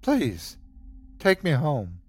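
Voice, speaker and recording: A man voicing a distraught, trapped subway rider who shouts and pleads in a raised, strained voice. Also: sing-song, extremely slow, dry recording, heavily acted. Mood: pleading. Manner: shouting and pleading, pitch jumps high.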